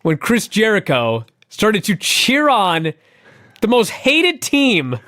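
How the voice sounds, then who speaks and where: A man co-hosting a podcast, chatting casually as an excitable, enthusiastic fan. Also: slow pace, no room sound, clean studio sound. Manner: excitable, enthusiastic fan who jumps up in pitch when thrilled. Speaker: podcast co-host. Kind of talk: casual chat.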